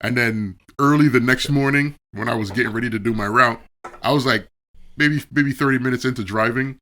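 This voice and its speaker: A man's voice: mid-range voice, brisk, sharp tone. A man on a podcast telling a blunt, laid-back story and chuckling as he goes. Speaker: podcast co-host. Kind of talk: casual storytelling chat.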